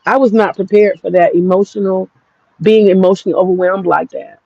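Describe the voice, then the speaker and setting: A woman's voice: medium pitch, steady tone, brisk, gravelly, warm tone, dry recording, dull audio. An American woman with an African American English accent, telling a personal story in a frank, profane, rambling vlog. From United States. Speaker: vlogger.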